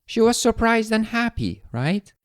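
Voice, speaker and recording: A man teaching an English lesson, explaining phrases in a clear, deliberate way. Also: high-pitched, big pitch swings, no echo, clean studio sound. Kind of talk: scripted language lesson.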